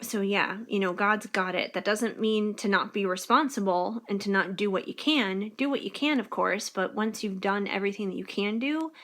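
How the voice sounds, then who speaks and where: A woman's voice: medium pitch, normal speed, few pauses, fairly bright tone. A woman tarot reader talking casually to camera in a spiritual reading, encouraging and chatty with many fillers. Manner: bubbly and giggly near the end.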